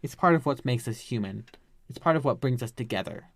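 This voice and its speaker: A man's voice: medium pitch, lively intonation, fairly quick, no room sound. A man hosting a podcast, recapping an episode in a chatty, slangy, ranting way. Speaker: podcast host.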